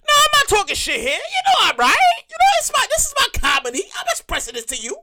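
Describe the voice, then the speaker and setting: Animated, profane woman in her thirties ranting. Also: extremely high pitch, quick pace, heavy background noise. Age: 30s. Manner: profane, repetitive, animated ranting with mock voices. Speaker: comedian. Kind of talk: stand-up style comic rant.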